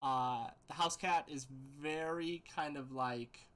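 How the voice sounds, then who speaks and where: A man's voice: fairly high pitch, slow, fairly bright tone. A man running a tabletop game as game master, loose and laughing, with many fillers.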